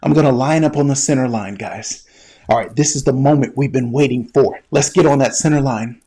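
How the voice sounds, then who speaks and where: A man, a medical educator and former flight paramedic, teaching through an animated, conversational story that speaks straight to the listener. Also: mid-range voice, brisk, breathy edge. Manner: addresses the listener directly, guided imagery. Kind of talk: storytelling lesson.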